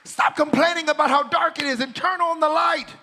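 A man's voice: very high voice, fairly even intonation, a little fast, gravelly, pushed and bright. A male preacher delivering a revival sermon in church, calling out and repeating phrases. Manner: calls out, repeats phrases, drops to casual aside. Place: church service with band.

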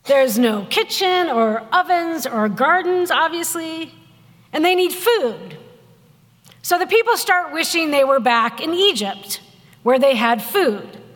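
A woman pastor giving a sermon in a conversational, wry storytelling way, acting out quotes with lively voices. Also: sits high, takes it slowly, long reverb tail. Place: church sanctuary.

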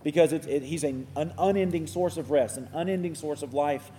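A man co-teaching a church class, explaining doctrine in an earnest, measured way. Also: a little high, mellow, a little hiss or hum. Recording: reverberant hall.

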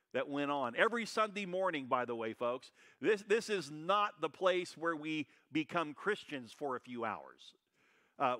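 A pastor preaching a sermon, loud and brash, swinging between shouted high points and quiet asides. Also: male voice.

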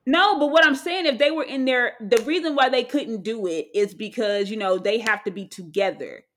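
A woman co-hosting a casual chat, animated and rambling. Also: fairly high pitch, normal speed, slight background noise. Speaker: podcast co-host.

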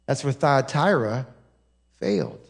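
A man's voice: medium pitch, wildly swooping pitch, a little slow, vocal fry. A male pastor preaching a sermon in a church, emphatic and direct, often stopping to say "listen" and check "right?" with the congregation. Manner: emphatic, drives points home with repeated "listen" and "right?". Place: church sanctuary.

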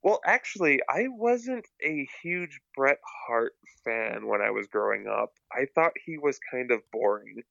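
Podcast guest: low, gravelly man, hesitant casual talk, bright edge, dull lo-fi sound. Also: lively intonation, measured pace, few pauses, no echo. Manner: hesitant, repeats words, many fillers. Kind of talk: casual chat.

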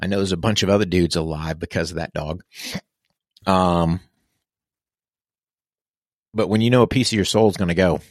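Blunt low-voiced veteran man. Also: normal speed, long pauses, dry recording, studio quality. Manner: blunt, earnest, swears casually. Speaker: military veteran guest. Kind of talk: candid podcast conversation.

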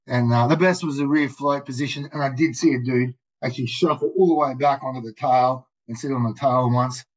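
An Australian man telling rambling, profane skydiving stories in casual, animated talk, full of "mate" and "dude". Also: mid-range voice, fairly quick. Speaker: guest, skydiver. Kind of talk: casual storytelling. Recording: muffled lo-fi audio.

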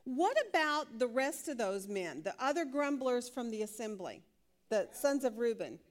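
Woman Bible teacher, higher voice, lively and questioning, laughs readily. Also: normal speed. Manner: lively, laughs often, asks the class questions.

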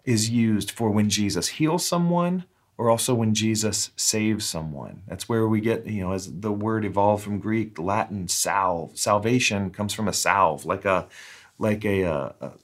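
A pastor gives a heartfelt sermon, pausing and restarting as he searches for words. His voice sits a little low for a man. When he reads scripture, he slows down and lingers over each phrase. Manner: earnest, halting with restarts, slows down for scripture reading.

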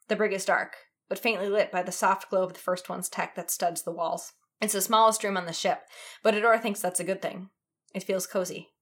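Expressive woman reading a story aloud. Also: medium pitch. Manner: expressive, dramatic. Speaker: reader. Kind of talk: reading fan fiction aloud.

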